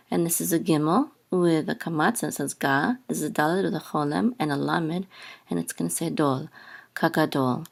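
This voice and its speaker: A woman teaching a lesson step by step, pausing often with ums and sometimes singing out syllables. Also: on the low side, creaky. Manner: sings out chanted syllables, many ums and restarts. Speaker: Hebrew teacher.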